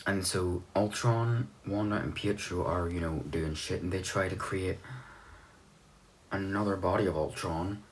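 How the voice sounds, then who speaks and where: Deep-voiced man recapping a movie casually. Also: unhurried, a little hiss or hum. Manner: rambling, offhand, swears casually. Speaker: movie reviewer.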